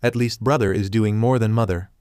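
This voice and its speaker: A smug demon boy murmurs coldly, voiced by a man reading a fan story. His lines sit a little lower and quieter. The sound is dry. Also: steady tone, fairly quick, clear, resonant tone, no echo, lightly acted. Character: cold, smug child-like male demon.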